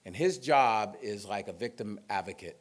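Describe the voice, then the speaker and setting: A man's voice: fairly low pitch, animated, normal speed. Man telling stories in a speech. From Sacramento, California. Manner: storytelling, conversational with fillers and asides. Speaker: police chief giving a talk. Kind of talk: informal speech to an audience.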